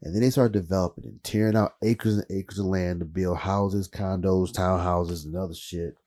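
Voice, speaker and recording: A man telling rambling, profane stories in a casual comedic monologue, his voice jumping up high when he gets worked up. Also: fairly even intonation, normal speed, mellow.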